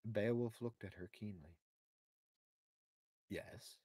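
A man reading a storybook aloud for young students in an expressive, deliberate way. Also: on the low side, husky, no room sound. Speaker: narrator.

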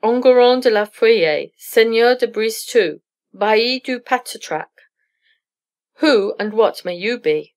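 A dignified old lord who speaks gravely and quietly, with stiff courtesy, as a woman storyteller reads his part. Her voice rises only slightly for him, staying close to her own. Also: on the high side, animated, a little slow. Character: grave old male knight, courteous host.

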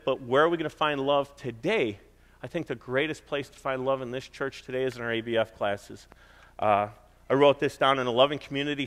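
A man's voice: mid-range voice, fairly bright tone, big-room sound. A middle-aged man preaching a sermon in a conversational way, stressing points by repeating them. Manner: conversational preaching with emphatic repetition. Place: church.

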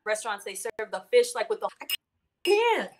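Giggly, excitable woman cooking host. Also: on the high side, moderate pace. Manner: giggly, excitable, talks in restarts. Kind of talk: casual chat on a video call.

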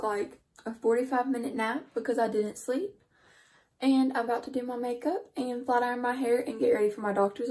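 A teenage girl with a drawl talks to her camera at home, sounding worn out from too little sleep. Her voice sits a little high and a little husky, and she rambles along casually, tossing in quick apologies. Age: teens. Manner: chatty, rambling, apologetic asides. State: sleep-deprived and tired. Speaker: vlogger. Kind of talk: casual vlog talk to camera.

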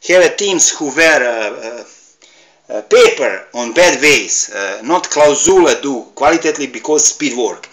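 A middle-aged man from Serbia with a Serbian accent, ranting to camera in halting, broken English, heated and pleading. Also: a little high, pushed and bright, rough recording. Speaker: vlogger. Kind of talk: emotional rant to camera.

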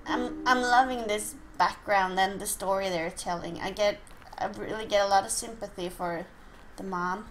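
A woman's voice: medium pitch, fairly even intonation, normal speed, soft background music, rough recording. A woman from Norway with a Norwegian accent, chatting casually through a game and startling easily. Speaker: let's play host. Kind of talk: casual gameplay commentary.

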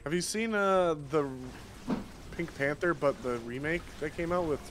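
A man's voice: on the high side, over music. A man with an American accent, joking and teasing in a casual chat while gaming. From United States. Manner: joking, teasing, rapid chatter.

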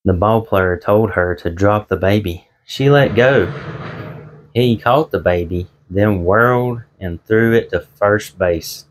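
This vlogger, who sells on eBay, has a fairly low, slow voice. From his small home office he chats informally, telling cheesy jokes and poking fun at himself in a homespun way.

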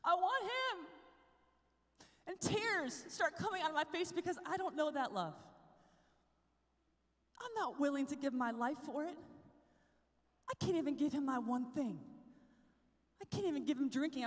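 Young woman preaching to a youth crowd, high voice, long hall echo, goes from whispers to shouts. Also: a little fast, pauses often. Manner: animated storytelling, dropping to whispers and rising to shouts. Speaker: conference speaker. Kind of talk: evangelical youth talk. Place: large hall.

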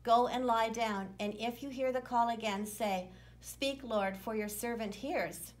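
A woman voicing a frail, kind old male priest while reading a children's Bible story aloud, speaking gently. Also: on the high side, fairly even intonation, measured pace, lightly acted. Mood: gentle. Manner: gentle, soothing.

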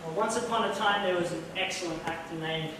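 A man's voice: sits high, fast talker. A man chatting loosely between impressions on stage at a community hall, admitting he is unprepared. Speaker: impressionist performer. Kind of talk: live stand-up impressions show. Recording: echoey hall from far off, noisy.

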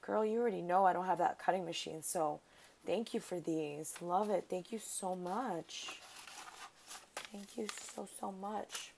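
A woman's voice: on the low side, unhurried, vocal fry, a little mellow, a little hiss or hum. A woman vlogger chatting casually while opening a craft mail package, gushing over each item and talking to the sender. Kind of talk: casual unboxing chat.

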